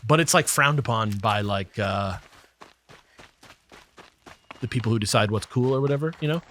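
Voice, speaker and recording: A man's voice: normal speed, slight background noise. A man hosting a let's play, chatting casually over gameplay and rambling with lots of fillers. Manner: rambling, many fillers, lively pitch swings.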